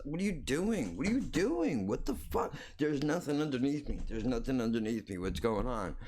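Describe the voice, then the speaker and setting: A man voicing a panicked kitten dangled out of a car window, stammering and climbing higher in frantic, repeated questions. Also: big pitch swings, normal speed, darkish tone, a little hiss or hum, close to an everyday voice.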